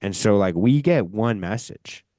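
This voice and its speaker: A man's voice: fairly low pitch, lively intonation, measured pace, mellow, no room sound, clean studio sound. A man from Canada hosting a podcast, telling a rambling story in casual chat, swearing often and speaking with emphasis. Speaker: podcast host.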